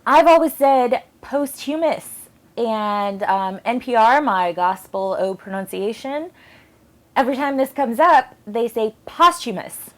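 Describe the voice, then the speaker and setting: A woman's voice: on the high side, animated, measured pace. Chatty young woman vlogger. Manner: chatty, self-deprecating, lots of ums. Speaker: book vlogger. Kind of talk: casual vlog monologue.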